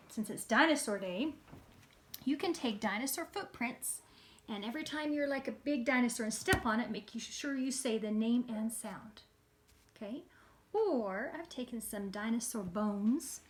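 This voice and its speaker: Casting: upbeat preschool teacher, a woman, high and sing-song, coaxing the kids along. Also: slight background noise. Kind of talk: lesson for young children.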